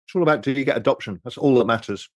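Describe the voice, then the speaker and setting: A man hosts a laid-back live stream with drinks, reading viewer questions and answering in a loose, wandering style full of swearing. His middling-pitched voice comes rapid-fire, recorded close and dry with no room echo, though the sound is muffled.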